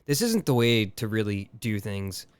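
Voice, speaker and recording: A man's voice: fairly low pitch, very animated, normal speed, clean tone, no room sound. A man co-hosting a podcast, talking in a rambling, exasperated way with many fillers and restarts. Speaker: podcast co-host. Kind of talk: casual chat.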